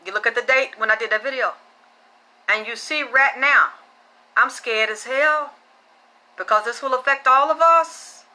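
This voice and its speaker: A woman's voice: sits high, normal speed, long pauses. Blunt, foul-mouthed woman spiritual reader. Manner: animated, blunt, swears freely. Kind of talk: casual profane storytelling.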